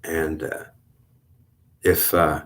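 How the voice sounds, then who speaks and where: Deep-voiced male host, casual and halting, rambling spiritual talk. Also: level tone, a bit bright. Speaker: channel host.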